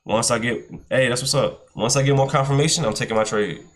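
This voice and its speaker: A man commentates his futures trades live and chats casually to his viewers. He repeats himself a lot and talks in slang, at an ordinary middle pitch. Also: quick pace, a bit bright. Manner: repetitive, talks to chat, with slang. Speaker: livestream day trader.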